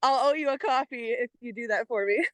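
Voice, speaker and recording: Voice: medium pitch, fairly quick, no echo. Breathless speaker chatting mid-walk. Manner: playful, laughs often. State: out of breath from walking. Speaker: panel participant. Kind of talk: casual group video-call chat.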